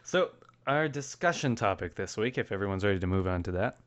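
A man's voice: fairly low pitch, lively intonation, brisk. A man hosting a casual gaming podcast, laughing often and reading out listener mail. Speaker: podcast host. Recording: dull lo-fi podcast audio.

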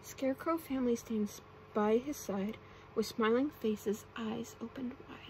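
A woman gently reading bedtime stories aloud in a soft ASMR style, sometimes whispering. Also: fairly high pitch, a little slow, background noise. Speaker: ASMR storyteller.

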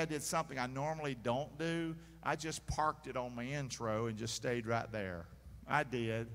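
A man preaching a sermon as pastor, energetic and calling for the congregation's responses. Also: a little high. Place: large church sanctuary. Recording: long hall reverb in church.

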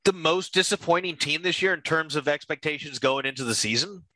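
A man co-hosting a casual sports chat, asking questions and musing out loud. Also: fairly high pitch, brisk, no echo. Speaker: show co-host.

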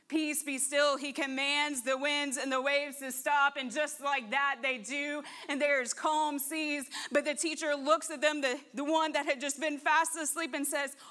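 Slow, bright-voiced woman preaching a sermon. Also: high voice. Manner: dramatic storytelling, acting out the disciples and the teacher. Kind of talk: sermon storytelling. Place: church sanctuary.

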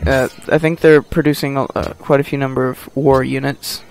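A man's voice: mid-range voice, level tone, normal speed, vocal fry, faint music behind. A man giving casual gameplay commentary, muttering and joking to himself as he plays. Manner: mutters and jokes to himself while playing. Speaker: gameplay host.

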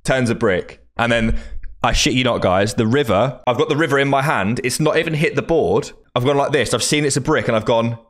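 A man's voice: mid-range voice, fairly quick. Sweary British man telling a story. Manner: swearing, animated, self-amused. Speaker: poker vlogger. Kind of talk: casual storytelling.

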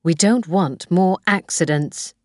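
A woman's voice: on the low side, slow, a little mellow, dry recording, clean studio sound. A woman reading the lines of a tense, guarded young woman in a storybook, in a clipped, serious way. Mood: quiet.

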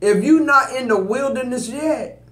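The man giving this tarot reading has an extremely high, slightly bright voice and speaks a little slowly. Speaking AAVE, he's emphatic and preachy, addressing viewers directly, and the room echoes.

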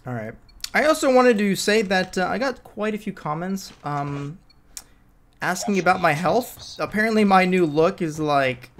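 A young man casually commentating his own mobile shooter gameplay, chatty and excitable, shouting at enemies and muttering to himself. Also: high-pitched, moderate pace. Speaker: mobile gaming channel host. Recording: noisy game audio with gunfire.

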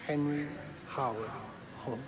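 A man's voice: mid-range voice, steady tone, slow, lightly acted. A man playing a genteel hotel owner. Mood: courteous. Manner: polished, formal, genteel. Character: courteous middle-aged male hotel owner.

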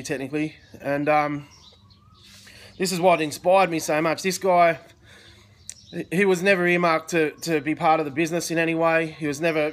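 A man hosts a relaxed livestream from Thailand, his voice sitting a little higher than most men's. He rambles in a friendly, unscripted way and keeps pausing mid-thought to greet viewers as they join. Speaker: livestream host. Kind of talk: casual livestream chat.

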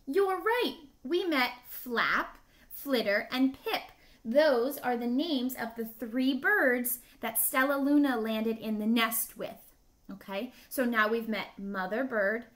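A woman's voice: fairly high pitch, a bit bright. A woman teacher reading a children's story aloud, stopping to ask her listeners questions and praising their answers with encouragement.

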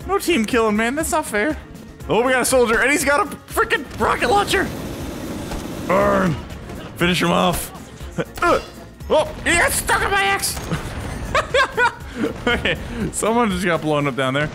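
A man giving excitable, chatty gameplay commentary, laughing often. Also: extremely high pitch, moderate pace, creaky, long pauses. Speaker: gaming YouTuber. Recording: game music behind.

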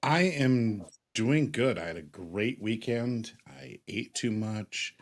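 A man's voice: medium pitch, slow pace. A middle-aged man telling a rambling, joking story in a casual chat, swearing freely. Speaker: co-host.

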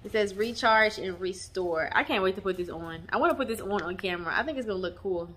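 Bright-voiced woman vlogging. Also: mid-range voice, fast talker, slight background noise. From Texas. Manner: warm, chatty, addresses viewers as y'all; emotional, near tears at times. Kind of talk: casual chat. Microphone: camera mic on tripod.

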